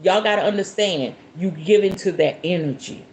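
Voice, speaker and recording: With a lowish, darkish voice at a normal speed, this Southern American woman from the Southern United States hosts a casual live spiritual talk answering viewers' questions. Folksy and chatty, she addresses listeners as "y'all" and "baby" and bursts into laughter. There's slight background noise.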